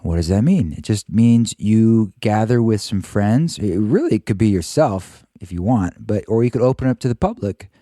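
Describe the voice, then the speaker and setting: A man hosting a podcast, hoarse and husky from a cold, chatting loosely and joking about himself. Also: on the low side, expressive, normal speed, few pauses, mellow, no room sound, clean studio sound. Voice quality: husky, croaky. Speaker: podcast host. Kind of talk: casual podcast intro.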